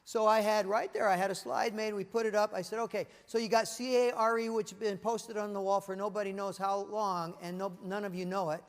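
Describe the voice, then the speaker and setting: A man's voice: high-pitched, flat delivery, brisk, hardly any pauses, long reverb tail. A middle-aged man giving a corporate leadership presentation to a room of people at tables, telling stories and asking rhetorical questions. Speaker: keynote speaker. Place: large meeting room with an audience at tables.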